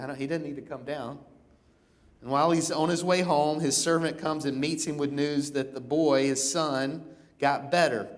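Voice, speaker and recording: A man preaching a conversational sermon in a church, often checking in with "right?" and acting out the scenes he reads. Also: on the high side. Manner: animated, acts out begging in a raised voice. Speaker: pastor. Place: church auditorium.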